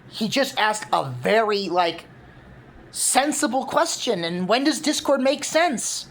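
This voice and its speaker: A woman casually laying out her fan concept for a cartoon, rambling with many fillers. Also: medium pitch. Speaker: fan video creator.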